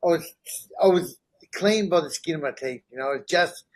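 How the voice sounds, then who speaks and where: Man, middle-aged, podcast guest, candid storytelling, earnest, slightly high voice. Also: brisk, rough recording. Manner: earnest, checks in with "right?" and "you know?".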